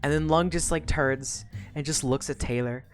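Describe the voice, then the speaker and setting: A woman's voice: low-pitched, normal speed, faint music behind. A woman streamer casually recapping a story, swearing a lot and laughing often. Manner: profane, animated, laughs often.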